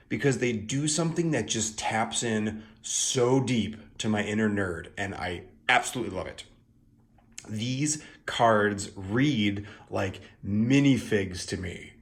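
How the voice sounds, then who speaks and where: A man hosting a casual tarot video, explaining things in a playful, chatty way with plenty of asides and fillers. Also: lowish voice.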